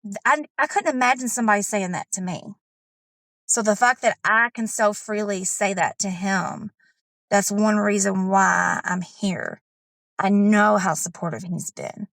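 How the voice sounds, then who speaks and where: Woman, coaching client, emotional, animated, candid, dry recording. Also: medium pitch, measured pace, gravelly, no room sound. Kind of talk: candid personal account.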